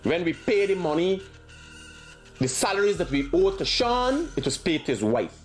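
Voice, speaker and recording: A man's voice: high voice, very animated, moderate pace, faint music behind. A Guyanese man speaking emphatically and defensively, insisting on his side of a dispute. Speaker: critic giving his side. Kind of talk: clip of a heated self-defense statement.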